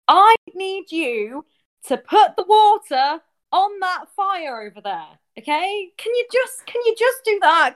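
A woman's voice: extremely high pitch, big pitch swings, unhurried, fairly bright tone. A woman performing an improv comedy scene, exasperated and bossy, swearing at her partner.

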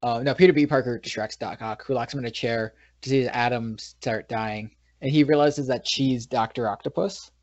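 This podcast co-host from New York chats casually about a movie, retelling its scenes in a meandering way full of restarts and unfinished sentences. He keeps a moderate pace with hardly any pauses in a mid-range voice, and the audio is dull, dry, lo-fi and echo-free.

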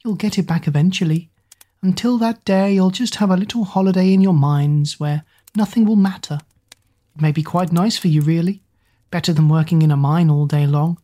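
A woman's voice: lowish voice, normal speed, warm tone, natural voice. A woman voicing a frail, stubborn old witch queen who speaks in an imperious, mocking way. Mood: taunting.

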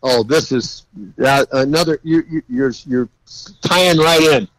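Man, folksy storyteller, animated, fairly high voice, dry close sound. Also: unhurried, no room sound, rough recording. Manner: folksy, animated, laughs while telling stories. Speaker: custom car builder guest. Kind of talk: anecdotal storytelling.

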